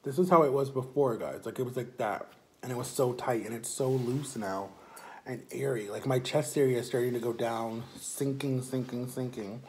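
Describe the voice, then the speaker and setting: A man's voice: medium pitch, moderate pace, a little hiss or hum. A man chatting casually and upbeat in a vlog, filling his talk with "like". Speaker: vlogger.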